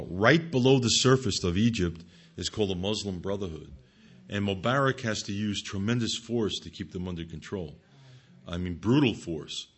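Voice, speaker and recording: A man's voice: fairly low pitch, husky. A man giving an expository Bible teaching, reading scripture aloud and stressing points emphatically to his listeners.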